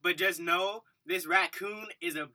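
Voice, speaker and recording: Bright, joking man a bit off mic. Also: high-pitched. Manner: joking interjections, quick asides. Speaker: podcast co-host. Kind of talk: casual chat. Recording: distant mic.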